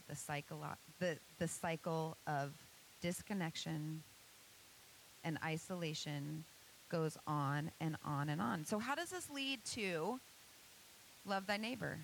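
A woman's voice: low voice, a little hiss or hum, low-quality recording. A woman giving an earnest presentation to an audience, asking many rhetorical questions. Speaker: speaker giving a church presentation. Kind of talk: motivational talk to an audience.

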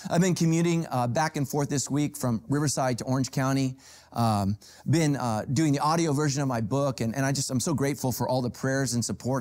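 A middle-aged male pastor preaching a sermon, telling stories with humor and sudden jumps in pitch. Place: church stage with a golf cart prop.

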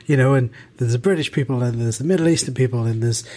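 British podcast co-host, mid-pitch male voice, loose rambling delivery with lots of restarts. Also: fast, warm tone. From United Kingdom. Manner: thoughtful, rambling with many restarts and fillers. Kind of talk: casual podcast discussion.

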